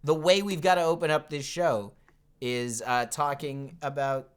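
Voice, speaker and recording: A man's voice: a little high, fairly even intonation, unhurried, clear, resonant tone. A man hosting a fan podcast over a remote call from home, teasing his co-host in a playful, upbeat way. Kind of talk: casual chat.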